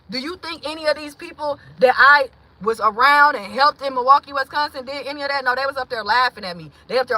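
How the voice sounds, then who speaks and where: A woman hosting a livestream, venting bluntly with swearing, shifting between heated outbursts and quiet moments and greeting viewers in the chat. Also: high-pitched, quick pace, few pauses, rough recording. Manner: blunt and profane, swings from heated to hushed. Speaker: livestream host.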